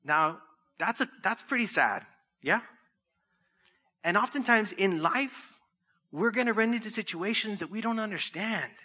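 A man preaching a sermon in a conversational way, often checking in with his listeners with "right?" and dropping soft and slow when he quotes. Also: high-pitched, expressive. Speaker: pastor.

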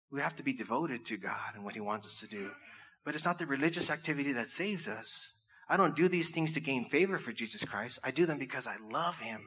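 A man's voice: medium pitch, pushed and bright, husky. A man preaching a casual, joking sermon, often asking the listeners questions. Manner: conversational, jokey, asks the crowd questions. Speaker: pastor.

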